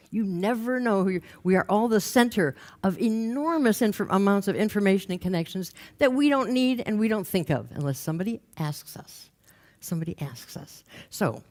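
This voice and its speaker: A woman giving a talk on stage, telling humorous anecdotes with quick asides. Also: mid-range voice, darkish tone. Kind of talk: storytelling motivational talk. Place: lecture stage with slides.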